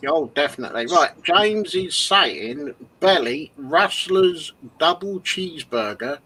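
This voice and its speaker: Easygoing man with a higher voice. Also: measured pace, slight background noise, rough recording. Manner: relaxed, short replies. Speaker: livestream co-host. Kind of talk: casual chat.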